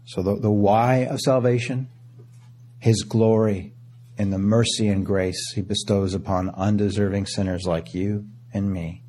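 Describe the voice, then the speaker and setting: A man preaching a sermon in an auditorium. His voice sits fairly low and sounds dark and mellow, with a husky edge. He reads scripture with rising emphasis and calls his listeners beloved. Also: fairly even intonation, slow, long pauses.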